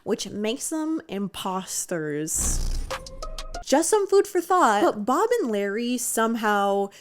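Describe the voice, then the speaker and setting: A young woman reviewing a book, sarcastic, animated and full of swearing. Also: a little high, takes it slowly, faint music behind. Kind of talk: comedic book reading and review.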